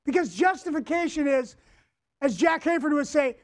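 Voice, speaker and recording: A man's voice: very high-pitched, animated, normal speed. A male pastor preaching a sermon, emphatic, repeating key words and having the congregation say them back. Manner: addresses the congregation directly.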